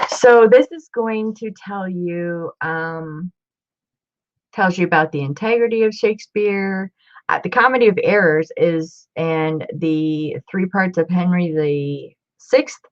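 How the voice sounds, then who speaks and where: A woman's voice: on the low side, lo-fi sound. A woman chatting casually on a live stream as she shows off her book collection, rambling and greeting viewers by name.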